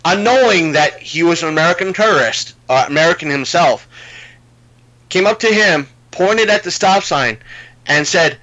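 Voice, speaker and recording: Rambling man with a bright, dull-sounding mic. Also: fairly high pitch, expressive, normal speed. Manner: rambling storyteller with many fillers and restarts. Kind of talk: casual podcast chat.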